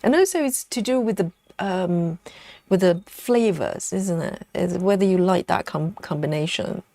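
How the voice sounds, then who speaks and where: A woman hosting a relaxed live stream from home, chatting with viewers and reading their comments aloud, with plenty of ums and you-knows. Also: lowish voice, unhurried, creaky, no echo. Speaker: livestream host. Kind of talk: casual live chat while stitching.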